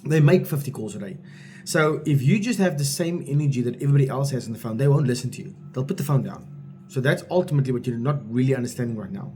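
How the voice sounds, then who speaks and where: A man's voice: mid-range voice, animated, fast talker, mellow, soft background music. A man coaching salespeople in a blunt, informal way, driving each point home with repetition. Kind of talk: direct-to-camera coaching talk.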